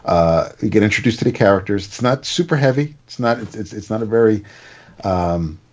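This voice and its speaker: A man's voice: fairly low pitch, fairly quick, muffled recording. A man casually reviewing a comic, recapping the plot in a rambling way with stammered restarts.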